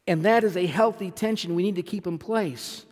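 A man preaching a sermon as pastor, emphatic, repeating phrases and swinging from loud to soft. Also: high-pitched, moderate pace, big-room sound. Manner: emphatic, repeats phrases, swells and drops in volume.

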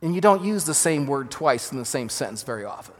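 A man's voice: mid-range voice, animated, a little fast. A man preaching a sermon in a church, earnest and emphatic, sometimes correcting himself as he goes. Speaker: pastor. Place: church sanctuary. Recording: long reverb of a church hall.

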